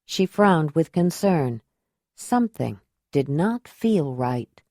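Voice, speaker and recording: A woman narrating an audiobook in an even, unhurried storytelling manner. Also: low-pitched, no room sound, studio quality.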